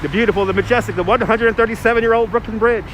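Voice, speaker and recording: A man's voice: high-pitched, fairly even intonation, very fast. A man hosting a live walking tour outdoors, chatting to viewers and greeting them by name, recorded on a phone on a gimbal. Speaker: tour guide and livestream host. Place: outdoors on a city bridge and promenade. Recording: loud urban traffic noise.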